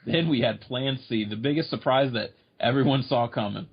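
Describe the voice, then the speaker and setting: A man's voice: medium pitch, moderate pace, slightly rough. A man co-hosting a wrestling podcast, chatting in an easygoing, agreeable way. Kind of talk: casual chat. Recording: dull lo-fi recording.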